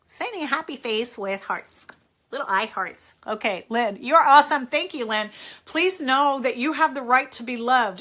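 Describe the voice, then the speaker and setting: Bright, earnest woman giving advice. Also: a little high. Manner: earnest and encouraging, chats with viewers between points. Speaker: host answering viewer questions on a live stream. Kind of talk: casual live-stream advice talk.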